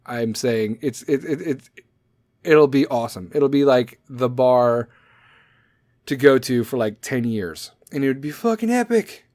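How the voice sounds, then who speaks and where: A man's voice: medium pitch, lively intonation, unhurried, a little mellow, dry recording, studio quality. A man in his forties hosting a solo comedic podcast, swearing constantly as he rambles in a sarcastic rant. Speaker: podcast host.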